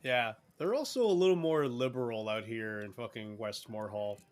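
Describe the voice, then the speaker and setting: A man's voice: medium pitch, normal speed. A man narrates a tabletop game as its game master, with a mid-range voice. He rambles casually and swears freely as he goes.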